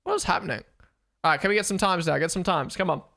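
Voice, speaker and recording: A young man hosting a live race watchalong stream, chatting casually, excitable and swearing as he thinks aloud. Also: high-pitched, quick pace.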